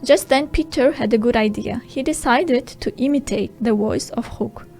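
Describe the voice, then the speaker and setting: A woman narrating a storybook audiobook for language learners in a slow, clear and simple way. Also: a little high, a little mellow, soft background music, low-quality recording.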